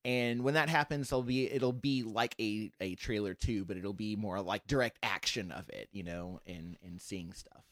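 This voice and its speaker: A man's voice: lowish voice, normal speed, few pauses, no echo, studio quality. A man who writes and produces an audio drama, chatting casually on a podcast and rambling through his plans with frequent restarts. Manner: rambling, restarts often, animated when excited.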